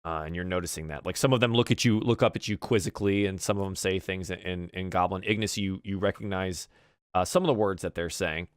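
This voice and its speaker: A man's voice: low voice, fast, clean tone, dry recording, clean studio sound. A man narrating as game master of a tabletop game, rambling and full of fillers and restarts.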